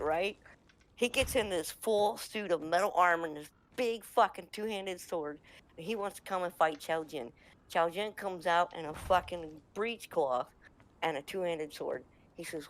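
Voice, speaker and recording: American woman telling a funny game story, laughs a lot, average pitch. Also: measured pace. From United States. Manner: animated anecdote telling, laughs often. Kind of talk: casual chat.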